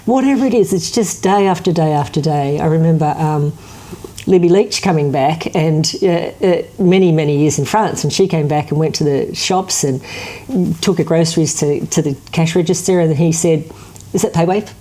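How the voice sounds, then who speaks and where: A low-pitched woman talks casually in an interview. Her voice is warm and mellow, and she tells stories loosely, with lots of fillers and restarts. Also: normal speed. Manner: chatty, anecdotal, many fillers.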